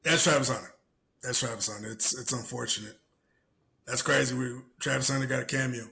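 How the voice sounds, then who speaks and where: A man co-hosting a casual podcast, telling animated stories, acting out the people he quotes and swearing freely. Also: medium pitch, brisk, creaky. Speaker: podcast co-host. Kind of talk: casual chat.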